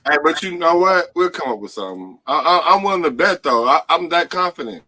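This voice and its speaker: A man's voice: fairly high pitch, animated, fairly quick, sharp tone. A man joining a podcast as a guest panelist, talking in a laid-back, joking way. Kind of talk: casual podcast chat.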